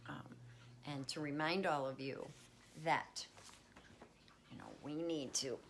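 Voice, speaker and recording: Host, woman, low voice, casual reassuring wellness chat, home setup, slight background noise. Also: fairly even intonation, takes it slowly. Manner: chatty, reassuring, talks baby talk to her cat. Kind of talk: casual livestream talk. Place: at home with pets.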